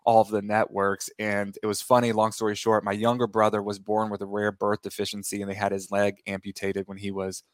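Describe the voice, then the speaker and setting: A man's voice: on the low side, completely flat delivery, a little fast, few pauses, no echo. A man in his thirties, a guest on a talk show, telling a long story in a rambling way, correcting himself and laughing as he goes. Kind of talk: casual interview storytelling.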